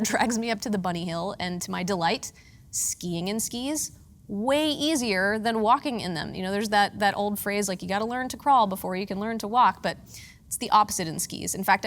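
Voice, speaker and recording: Lively, self-mocking woman preacher. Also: medium pitch. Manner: lively, self-mocking humor with earnest hushed moments. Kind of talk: storytelling sermon.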